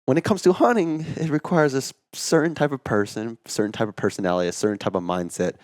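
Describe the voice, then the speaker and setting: A man co-hosting a podcast, telling a story in casual chat, animated and full of "like", acting out what people said. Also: mid-range voice, fast talker, no room sound, clean studio sound. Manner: animated storyteller, acts out quotes, says "like" a lot. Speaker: podcast co-host.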